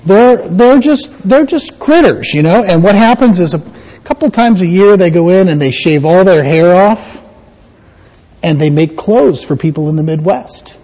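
A man's voice: sits high, expressive, moderate pace, mellow, muffled recording. A man pastor giving a playful children's sermon in a church, quizzing the kids with questions.

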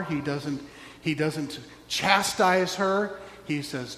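A man's voice: on the high side, expressive, takes it slowly, fairly bright tone. A man preaching a sermon, telling a story and acting out the voices in it, with wry asides. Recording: roomy hall with long echo, faint hum.

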